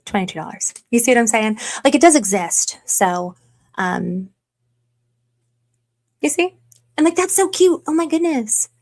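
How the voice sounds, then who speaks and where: A young adult woman hosting a livestream in casual, chatty talk, animated as she answers viewer comments. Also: fairly high pitch, a little slow, long pauses. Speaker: livestream host. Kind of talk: casual chat.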